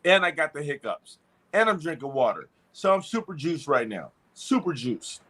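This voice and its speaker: A man's voice: on the high side, big pitch swings, normal speed, fairly bright tone. A man co-hosting a casual chat show, hyped and preachy, who builds his lines out of rhythmic repetition. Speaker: co-host.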